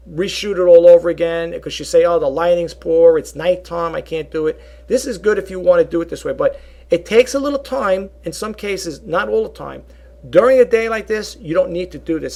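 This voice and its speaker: A man's voice: on the high side, gravelly, mellow, husky. A man talking casually in a rambling how-to vlog, often checking in with "okay?" and calling his viewers folks. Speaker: YouTube reseller vlogger.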